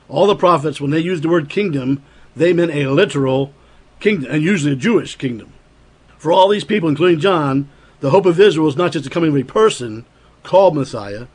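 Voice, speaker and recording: A man's voice: fairly high pitch, slightly rough. A man preaching a sermon, explaining scripture earnestly and acting out quoted lines with a raised voice.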